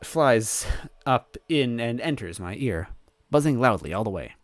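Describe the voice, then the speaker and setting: A man plays through a narrative game and reads its lines aloud, his pitch swinging widely as he jokes along. He talks at an ordinary middle height, and soft game music sits faintly behind him. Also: no room sound. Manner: animated, joking, quick laughs. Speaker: let's play host. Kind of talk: let's play commentary, reading game text aloud.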